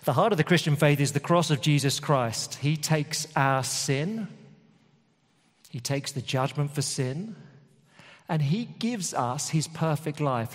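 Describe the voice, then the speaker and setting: A man preaching a sermon in a conversational, emphatic way with lots of repetition. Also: fairly high pitch. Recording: long hall reverb.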